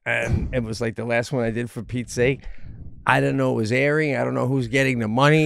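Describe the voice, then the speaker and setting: A man's voice: mid-range voice, a little fast, gravelly, dry recording. Levendige man die grappen vertelt in een studio. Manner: animated storyteller, puts on voices, swears. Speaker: podcast co-host. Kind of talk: casual comedic chat. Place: home studio. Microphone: studio mic.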